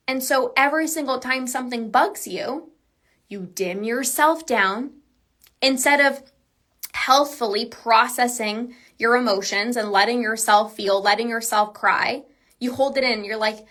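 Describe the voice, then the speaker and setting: A woman's voice: fairly high pitch, a little slow, a bit bright. A woman coach talking alone on a podcast, earnest and emphatic, casual with lots of "like"s. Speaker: binge eating coach. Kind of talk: solo podcast monologue.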